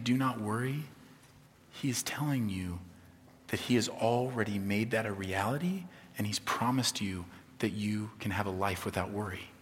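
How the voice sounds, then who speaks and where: A man preaching a sermon as a pastor, conversational and humorous, swinging from soft to emphatic. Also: on the low side, a little hiss or hum. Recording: long reverb of a large hall.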